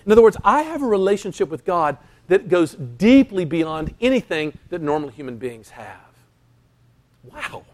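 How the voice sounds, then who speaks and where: Guy preaching a sermon, high voice that swoops all over, really emphatic. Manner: animated, emphatic preaching with dramatic pauses and voiced quotes. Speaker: pastor.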